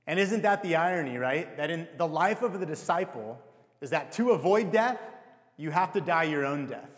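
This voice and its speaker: Young man, pastor, chatty sermon, rhetorical questions, slightly high voice, long reverb. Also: expressive, moderate pace. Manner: conversational and self-deprecating, with rhetorical questions.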